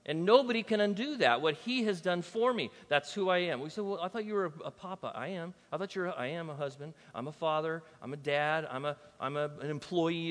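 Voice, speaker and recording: Male pastor, fairly high voice, chatty sermon delivery, long hall reverb. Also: a bit bright. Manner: conversational, banters with the congregation.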